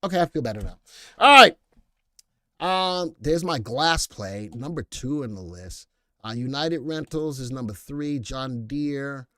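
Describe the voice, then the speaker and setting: Speaking unhurriedly with an expressive, medium-pitched voice that sounds pushed and bright, this stock livestream host keeps things playful. He reads out viewer chat and tosses in jokey asides between picks. The studio sound is clean, without echo.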